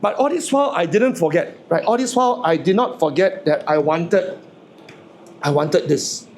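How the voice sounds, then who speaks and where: A man's voice: on the high side, animated, normal speed, a little hiss or hum. A man, giving a humorous motivational speech to a live audience, stammering and repeating words as he jokes and asks the crowd questions. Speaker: motivational speaker.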